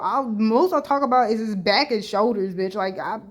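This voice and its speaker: A woman reads social media posts out loud for a casual reaction vlog, answering them bluntly with heavy slang and swearing. She speaks at a moderate pace in a mid-range voice.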